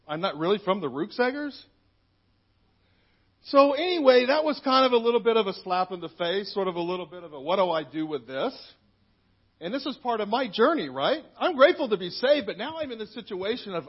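Man, fifties, minister, high pitch, husky, candid storytelling, muffled lo-fi audio. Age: 50s. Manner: candid, storytelling, frequent asides. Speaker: minister giving a personal testimony. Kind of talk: conversational church testimony.

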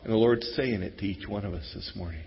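A middle-aged man preaching an Easter sermon to his congregation, talking conversationally and moving between hushed, intimate passages and loud exclamations. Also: fairly low pitch, fast talker, gravelly, slight background noise. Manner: conversational, swings from hushed to shouting. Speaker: pastor. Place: church sanctuary. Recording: dull lo-fi sound with long hall reverb.

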